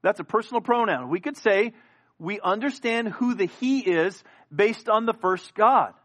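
A man with a somewhat high voice preaches a sermon. He drops to hushed, intimate lines, then climbs into loud, emphatic declarations. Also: animated, moderate pace. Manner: preaching with big swings from hushed to rising emphatic. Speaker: pastor.

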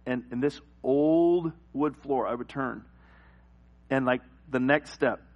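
A middle-aged male pastor preaching a sermon, telling animated personal stories and acting out the scenes. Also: medium pitch, slow, lo-fi sound. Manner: animated storytelling, acts out scenes and cries.

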